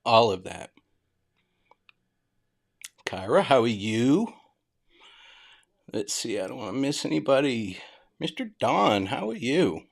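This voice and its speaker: A man's voice: medium pitch, very animated, unhurried, creaky, pauses often. Retired boston guy chatting on his live stream, no R's, says hi to everyone in chat. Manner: chatty, greets viewers by name; non-rhotic, drops his R's. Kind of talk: casual live-stream commentary.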